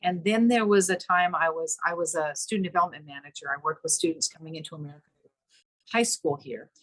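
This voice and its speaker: Middle-aged woman, podcast guest, low voice, dry, animated storyteller. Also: fast talker, dry recording, low-quality recording. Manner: animated, acts out quoted dialogue with pitch leaps. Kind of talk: emotional storytelling in conversation.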